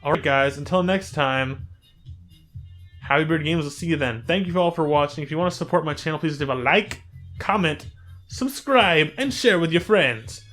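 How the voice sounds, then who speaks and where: A man hosting a gaming channel, chatting casually and rambling through gameplay commentary with sudden excited exclamations. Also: on the high side, normal speed, soft background music.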